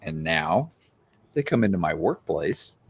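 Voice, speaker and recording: A man co-hosting a casual chat, talking in halting bursts with repeated words. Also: low-pitched, big pitch swings, creaky, breathy edge. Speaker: co-host.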